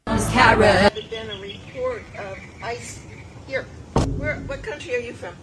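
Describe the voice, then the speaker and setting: A woman's voice: fairly high pitch, takes it slowly, loud music behind the voice. A woman who is an English teacher, insistently questioning a young man in a clip. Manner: insistent, interrogating. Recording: noisy clip played on a podcast.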